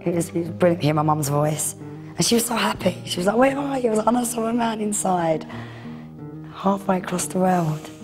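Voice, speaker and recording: A woman's voice: on the low side, fairly quick, over music. A young mother on an expedition, talking in a gushing, emotional way in a documentary interview.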